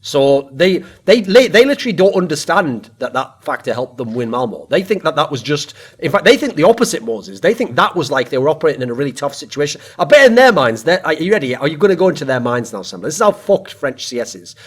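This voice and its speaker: Animated husky-voiced male podcast host. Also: on the high side, quick pace, few pauses. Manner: animated, rambling analysis. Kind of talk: casual chat.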